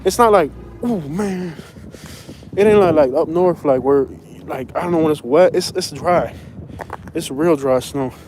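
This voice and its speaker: Walking outside in the snow with a handheld phone, a Southern-accented man from Florida rambles casually in street slang for his vlog. He speaks a little high and a little slowly, with a darkish tone, while traffic and windy street sounds fill the background.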